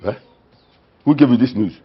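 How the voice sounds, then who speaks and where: An actor with a Nigerian accent, mid-range and slightly rough voice, and normal speed lightly performs a scornful, stubborn middle-aged father in a Nollywood drama. As head of the household he mocks, dismisses and orders people about, heard through dull film audio with music behind.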